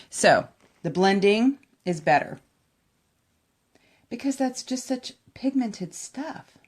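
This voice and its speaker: A woman's voice: mid-range voice, lively intonation, slow pace, pauses often, a little mellow. Chatty woman vlogging a makeup tutorial. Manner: chatty and enthusiastic, talks to viewers directly. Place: at home by a window.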